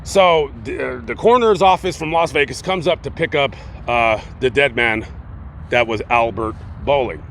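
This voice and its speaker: A man casually retelling a true-crime story, rambling and acting out the quotes in animated voices. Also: mid-range voice, normal speed, a little hiss or hum. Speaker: YouTube storyteller.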